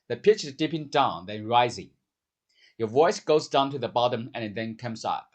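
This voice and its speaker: A man giving a scripted pronunciation lesson, speaking slowly and clearly and drawing out the vowels he demonstrates. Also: mid-range voice, expressive. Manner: slow, clear demonstrative speech with drawn-out vowels. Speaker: language teacher.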